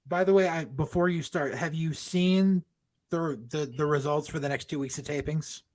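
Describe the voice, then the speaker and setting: A man co-hosting a podcast, chatting bluntly about wrestling with swearing and quick wisecracks. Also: on the high side, fairly even intonation, a little mellow. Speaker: podcast co-host. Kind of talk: casual wrestling chat.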